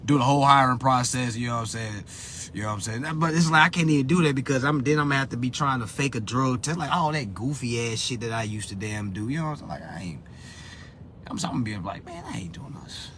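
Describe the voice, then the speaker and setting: A man hosting a live phone stream in a profane rant, dropping to low muttering and then bursting into loud, high-pitched shouts. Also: fast talker, a little hiss or hum. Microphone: phone on a social live stream.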